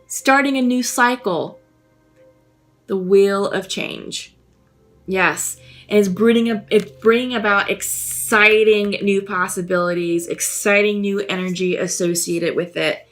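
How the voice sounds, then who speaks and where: A woman giving a spoken tarot reading, musing and gentle, pausing often with fillers as she thinks aloud. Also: mid-range voice. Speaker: tarot reader.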